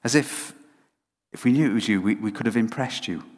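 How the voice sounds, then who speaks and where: A man's voice: lowish voice, fairly quick. A man preaching a conversational sermon, telling stories with lots of restarts. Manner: animated storytelling with frequent restarts. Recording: long hall reverb.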